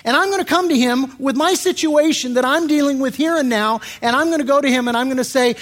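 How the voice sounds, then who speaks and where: A man's voice: very high-pitched, quick pace, hardly any pauses. An older man, a pastor, preaching a sermon and telling stories, acting out prayers and quotes as he goes. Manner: animated storytelling preacher, acts out prayers and quotes.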